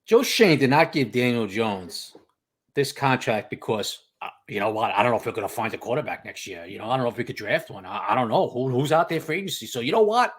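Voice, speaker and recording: Animated New man telling stories. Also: mid-range voice, quick pace, husky. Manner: emphatic storyteller, repeats "you know" and "okay". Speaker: podcast guest, team insider. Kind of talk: casual sports podcast chat.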